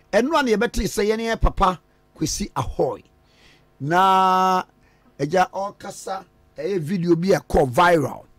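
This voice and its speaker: A man with a Ghanaian accent hosting a radio talk show, switching lively between local language and English. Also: high-pitched, no echo. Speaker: radio host.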